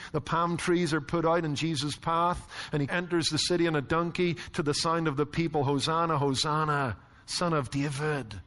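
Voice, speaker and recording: A man with a high voice preaches in a church sanctuary, swinging between stories and rhetorical questions. His words trail off into the long reverb of a large hall. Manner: animated storytelling, rhetorical questions. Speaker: pastor. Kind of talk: sermon.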